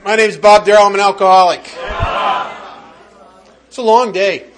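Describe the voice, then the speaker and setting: A man's voice: sits high, steady tone, normal speed, a crowd in the background, noisy background. A man speaking at a recovery meeting, telling a humorous personal story in a conversational, wry way with frequent restarts.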